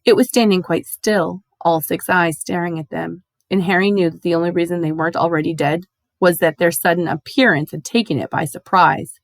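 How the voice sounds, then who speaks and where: A woman giving an expressive, animated storybook reading. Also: fairly low pitch, dry recording. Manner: animated, lively. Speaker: audiobook reader.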